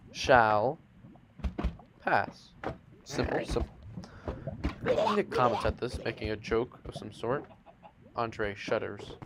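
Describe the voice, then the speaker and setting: A man narrating gameplay in a playful, mock-dramatic way, with teasing asides to the audience. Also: mid-range voice. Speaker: narrator of a game series. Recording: noisy home mic with clicks.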